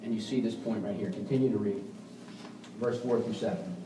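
A man preaching a sermon as pastor, swinging between quiet reflection and forceful emphasis, often restarting his words. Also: on the low side, fairly even intonation, fairly quick, roomy sound, far from the mic, slight background noise, rough recording. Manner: frequent restarts and repeated words.

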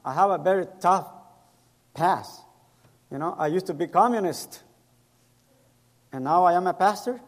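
High-voiced pastor preaching in an echoey hall. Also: male voice, moderate pace, long pauses. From El Salvador. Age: middle-aged. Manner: storytelling, acts out quoted voices, non-native grammar. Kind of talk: sermon with personal stories.

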